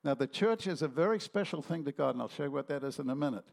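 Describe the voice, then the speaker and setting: A man's voice: on the high side, lively intonation, fast talker, creaky, a little mellow. A man preaching a sermon, telling stories animatedly and acting out the voices in them.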